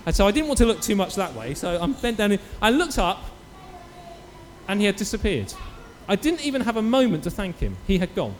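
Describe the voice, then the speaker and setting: A man preaching a sermon in church, telling a story with lively acted-out quotes. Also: sits high, brisk, big-room sound, slight background noise. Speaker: pastor.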